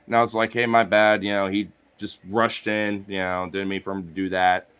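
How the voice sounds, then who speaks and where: A man's voice: low-pitched, level tone, brisk, fairly bright tone, clear, resonant tone. A man vlogging in a rambling, filler-heavy casual chat, now and then talking to his dogs.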